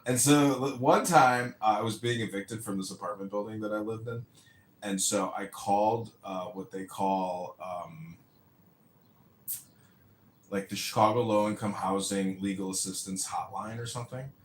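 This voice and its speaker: A man, a candidate hosting a podcast, telling rambling, animated stories in casual chat and swearing freely. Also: lowish voice, normal speed. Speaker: mayoral candidate and podcast host. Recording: roomy echo with faint ambient noise.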